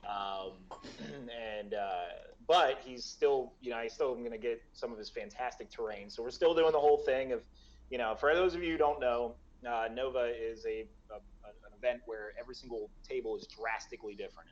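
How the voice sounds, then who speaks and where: A man's voice: medium pitch, fairly quick, muffled recording. An American man chatting as a guest about the event he organizes, with many fillers and restarts. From United States. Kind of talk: casual chat. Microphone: video call.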